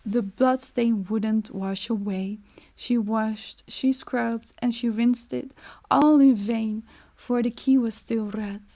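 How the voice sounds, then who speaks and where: A woman narrates a dark fairytale as a soothing bedtime story. Her voice is soft, slightly higher-pitched and mellow, and she speaks very slowly. The delivery stays gentle throughout.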